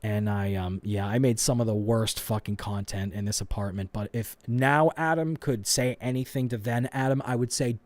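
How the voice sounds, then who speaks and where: A man's voice: fairly low pitch, moderate pace, hardly any pauses, darkish tone, dry recording. A man hosting a live stream, rambling and swearing as he mocks his own old videos. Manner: profane, self-mocking, rambling. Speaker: host. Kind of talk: live reaction commentary.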